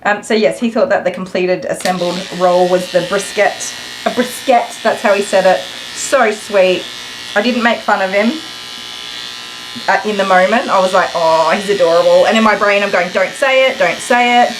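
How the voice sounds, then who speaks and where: A woman in her thirties chats and rambles to her viewers in a medium-pitched voice. She is a groomer talking while she works in her salon. Electric clippers buzz clearly behind her. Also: steady tone, moderate pace, noisy background. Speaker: dog groomer streaming live. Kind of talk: chatty live stream while working.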